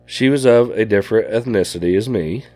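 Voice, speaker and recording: A man's voice: lowish voice, brisk, mellow, faint music behind. A man co-hosting a casual podcast, talking in a plainspoken, easygoing country way. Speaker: podcast co-host. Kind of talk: casual chat. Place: small indoor shanty.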